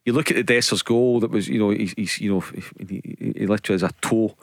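Radio pundit, lowish voice, rapid and filler-heavy, dry close mic. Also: male voice, fairly even intonation, vocal fry, no echo. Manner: fast talker, many "you know" fillers. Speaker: football pundit. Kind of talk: radio football chat. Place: radio studio.

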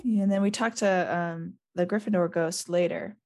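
A woman podcast host reading a novel aloud and recapping it with a guest, lively and quick, with small laughs. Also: fairly low pitch, gravelly.

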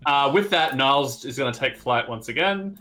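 A man's voice: medium pitch, expressive, moderate pace, sharp tone, poor audio. A man playing a tabletop game, talking hesitantly with many fillers, with faint music behind. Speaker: player.

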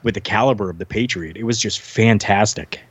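A man's voice: fairly low pitch, fairly quick, husky, dry recording. A man from Canada, a former wrestler, telling long rambling stories on a podcast with lots of fillers and restarts, acting out what others said. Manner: rambling anecdotes with many fillers and restarts, acting out quoted voices. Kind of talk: casual storytelling.

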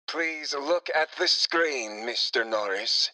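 A man doing a squeaky, cold interrogator. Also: poor audio. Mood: cold, calm. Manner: slow, calm, clipped official tone. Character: calm squeaky male interrogator, cold bureaucrat. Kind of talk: audiobook character voice.

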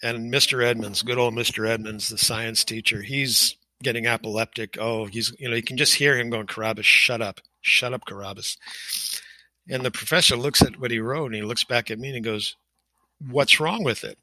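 An older man giving personal testimony as an interview guest, emotional and halting, with frequent pauses and fillers. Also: medium pitch, steady tone, pushed and bright, no echo, poor audio.

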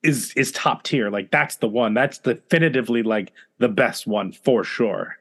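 A woman in casual podcast chat, animated and opinionated. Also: very deep voice, normal speed, breathy edge.

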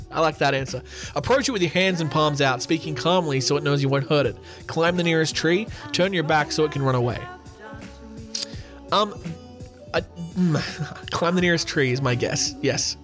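A man's voice: on the high side, a bit bright. Brief: male podcast host, loose and joking, faint music behind. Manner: joking, reads questions aloud and answers himself. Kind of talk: casual chat reading a quiz.

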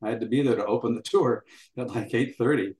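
A man's voice: mid-range voice, quick pace, a little mellow. An older man recounting a story as an interview guest, acting out dialogue as he goes, with frequent fillers. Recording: roomy echo.

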